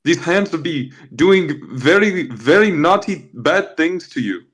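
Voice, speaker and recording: A man's voice: fairly high pitch, animated, measured pace, fairly bright tone, slightly rough, exaggerated voice, poor audio. A man voicing a pompous, self-proclaimed chosen one woman in a bad put-on Russian accent, who talks in a boastful, bossy way. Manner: boastful, bossy, mock-menacing.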